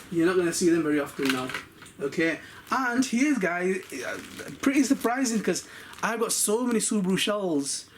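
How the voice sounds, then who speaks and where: A man chatting casually through an unboxing vlog of toy cars, talking quickly and often calling viewers "guys". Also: fairly high pitch, a little hiss or hum. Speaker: RC car collector vlogger.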